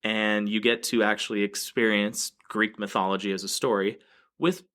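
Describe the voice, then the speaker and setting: A man's voice: lowish voice, flat delivery, moderate pace, a bit bright. A man co-hosting a casual game review podcast, explaining at length with fillers and restarts. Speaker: podcast co-host.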